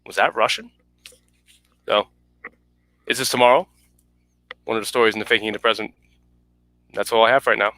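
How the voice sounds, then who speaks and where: A man reading his own short story aloud at a virtual book launch, in a brisk, clipped manner with small restarts. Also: on the low side, fairly even intonation, bright, forceful tone, no echo. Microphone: home video call mic.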